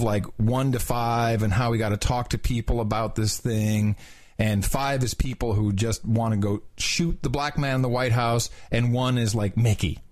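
Rambling man telling a story. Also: medium pitch. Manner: rambling, with many restarts and quoted asides. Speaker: podcast host. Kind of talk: casual storytelling chat.

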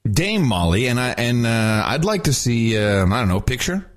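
A man co-hosting a podcast in casual chat, animated and chatty, laughing easily. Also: medium pitch, moderate pace. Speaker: podcast co-host.

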